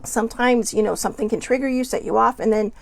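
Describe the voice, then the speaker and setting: A woman's voice: fairly high pitch, steady tone, quick pace, gravelly. A woman hosting her own show, talking casually about emotions, chatty and self-deprecating, full of rhetorical questions. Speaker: host. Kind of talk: casual motivational talk.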